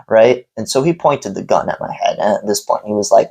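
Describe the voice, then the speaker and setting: A male coffee vlogger recounting a story in a casual, rambling way. His voice is gravelly, and his delivery is blunt and profane. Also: on the low side, expressive, normal speed, a little mellow, rough recording.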